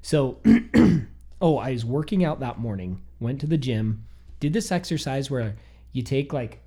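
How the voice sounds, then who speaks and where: Man telling a story in a dark, lively voice. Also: medium pitch, measured pace, slightly rough. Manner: animated, quotes himself and others. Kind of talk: casual chat.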